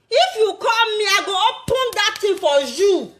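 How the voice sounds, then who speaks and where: A woman's voice: extremely high pitch, very animated, moderate pace, fairly bright tone, a little hiss or hum. A Nigerian woman speaking Pidgin, taunting someone in a rant to camera, with cackling laughter and sing-song jeers. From Edo State, Nigeria. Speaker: social media vlogger.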